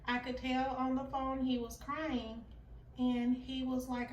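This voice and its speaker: A woman with a high voice tells a personal story in a relaxed, unhurried way, earnest and confessional. The recording is roomy and set back from the mic, with faint ambience behind her. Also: recorded from a distance, slight background noise. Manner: earnest, confessional, acts out quoted dialogue. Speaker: vlogger sharing a personal story.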